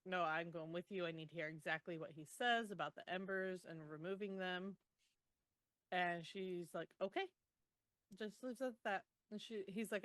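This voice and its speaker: A woman co-hosting a podcast, casually retelling book chapters with groans, laughs and animated quotes. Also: fairly low pitch, no echo. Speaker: podcast co-host. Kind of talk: casual book recap chat.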